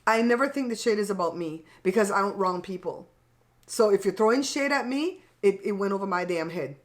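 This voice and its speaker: A woman's voice: medium pitch, lively intonation, a little fast. A middle-aged woman hosting her own channel, chatting casually while she eats. She talks bluntly and frankly, swears lightly and laughs often. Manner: blunt and frank, plain-spoken with mild cursing. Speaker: channel host. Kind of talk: casual chat while eating.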